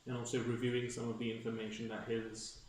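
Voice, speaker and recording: A man's voice: mid-range voice, completely flat delivery, quick pace. Man game master, loose filler-heavy narration, echoey distant room, noisy.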